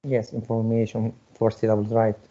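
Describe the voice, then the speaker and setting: A man's voice: lowish voice, monotone, normal speed, warm tone, highs cut off. Patient male English teacher on a call. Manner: patient, repeats questions to students. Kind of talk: online class teaching. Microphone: video call.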